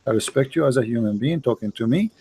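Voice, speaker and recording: Insistent man with broken English, mellow voice. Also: medium pitch, lively intonation, fast, slight background noise. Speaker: debate host. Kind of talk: live online debate.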